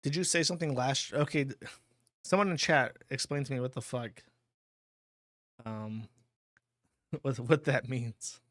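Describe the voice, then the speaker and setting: A man's voice: mid-range voice, measured pace, long pauses, a bit bright, no echo. Guy on a stream reading donos, blunt and crude, dry close mic, mid voice. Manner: blunt, crude and offhand, laughs often. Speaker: livestream host reading donations. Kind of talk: casual streaming commentary.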